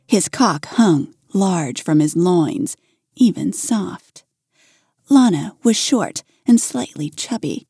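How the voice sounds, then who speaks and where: Slow, mellow woman storyteller. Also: lowish voice, animated, creaky, breathy edge, no echo, studio quality. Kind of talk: erotic story narration.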